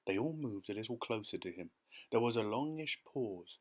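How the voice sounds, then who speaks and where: A man reading an audiobook as narrator in an even, quiet storytelling manner. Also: lowish voice, moderate pace. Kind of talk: scripted narration.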